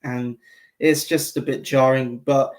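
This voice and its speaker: A regular guest on a fan show gives frank, rambling opinions in casual chat, using "like" constantly. He speaks slowly in a level, medium-pitched voice.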